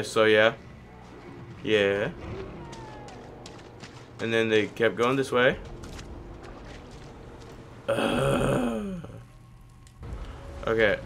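In casual let's-play commentary, a video host rambles and talks to himself about his own gameplay, his cracky voice breaking now and then. His medium-pitched voice is gravelly and sharp in tone, with a bit of hiss or hum on the recording.

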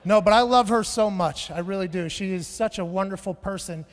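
A man in his thirties performs a stand-up set on a big stage, spinning stories in a loud, profane way that bursts into shouts. His voice sits high, and it rings out through a live hall with a long reverb tail. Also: brisk. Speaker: stand-up comedian. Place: large venue on stage.

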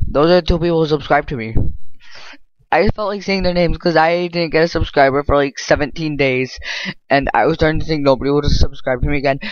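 A man giving casual, excitable game commentary, rambling with lots of filler words. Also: mid-range voice, clear, resonant tone, no echo. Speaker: gameplay commentator. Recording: dull lo-fi dry mic.

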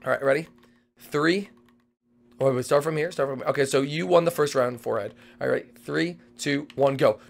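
Young man, gravelly, fairly high voice, excitable gaming host. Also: fairly quick. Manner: excitable, shouty, switches between characters. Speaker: game host. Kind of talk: hyper Minecraft race role-play.

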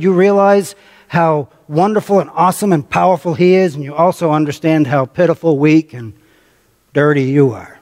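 American male pastor, slightly high voice, conversational sermon, long church-hall reverb. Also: normal speed, darkish tone. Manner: conversational preaching, calls on the congregation, repeats phrases for emphasis. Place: church sanctuary.

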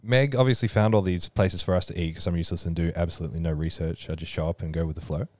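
A man with a fairly low voice swaps travel stories on a casual podcast, blunt and wry in his humour. His voice sits dry and close to the mic. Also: fairly even intonation, fast, a little mellow, no room sound. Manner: storytelling, wry and blunt, mimics voices for laughs. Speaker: podcast co-host. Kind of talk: casual chat.

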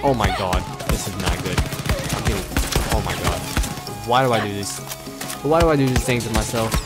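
Young man, gaming commentary, lively swings in pitch, cursing, frustrated, game music underneath. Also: moderate pace. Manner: swearing, exasperated, loud outbursts. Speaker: gameplay streamer.

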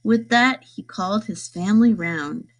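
A woman reading a rhyming picture book aloud, in a lively sing-song way. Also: medium pitch, unhurried. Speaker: storybook reader.

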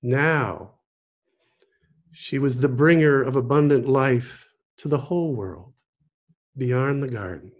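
A man, a pastor, telling a parable in a sermon, gently and with pauses. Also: medium pitch. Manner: slow, gentle storytelling with pauses. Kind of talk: storytelling sermon.

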